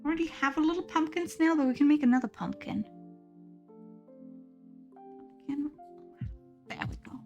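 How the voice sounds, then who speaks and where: Woman streamer, kinda high voice, giggly and goofy, reading chat, quiet music in the back. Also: normal speed, long pauses, muffled recording. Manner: giggly, playful, reads chat aloud. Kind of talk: casual live-stream chat.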